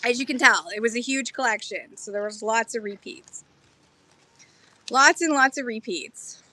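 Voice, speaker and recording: A woman running a lively live-stream pottery auction outdoors in a park, chatty and excitable, explaining pieces between bids. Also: on the high side, normal speed, dry recording, low-quality recording. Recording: faint outdoor background noise.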